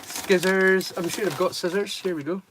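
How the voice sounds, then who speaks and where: A man's voice: high-pitched, fairly even intonation, normal speed, noisy background. A man from Europe, hosting a live watch-along stream and rambling casually to his viewers. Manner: rambling and chatty.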